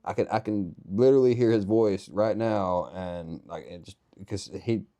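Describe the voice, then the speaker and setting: A young man hosts a conversational interview with a very low, mellow voice. He rambles earnestly and thinks out loud between questions. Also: normal speed. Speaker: podcast host.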